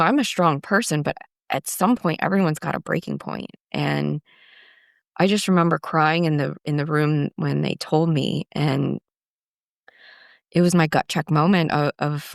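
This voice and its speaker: A woman's voice: low voice, creaky, no room sound, studio quality. A woman in her forties, a guest candidly telling her own story, reflective, with frequent restarts and fillers. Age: 40s.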